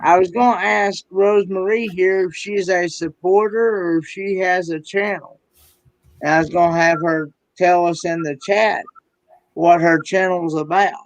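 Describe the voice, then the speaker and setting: A man co-hosting a live stream, speaking haltingly and often repeating words. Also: high voice, fairly even intonation, dry recording, muffled recording. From Sullivan County, USA. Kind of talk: casual live stream chat.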